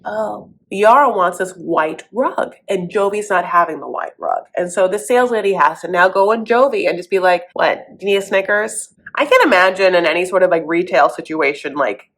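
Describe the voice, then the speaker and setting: Sarcastic woman host, sassy recap commentary, mid-pitched, calls everyone honey. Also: animated, a little fast, few pauses, a bit bright. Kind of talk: comedic commentary.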